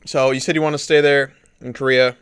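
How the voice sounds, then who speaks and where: A man co-hosting a podcast in casual chat, agreeable and quick to back up the other speaker. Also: medium pitch, little pitch movement, smooth, no echo. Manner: agreeable, quick to laugh along. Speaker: podcast co-host.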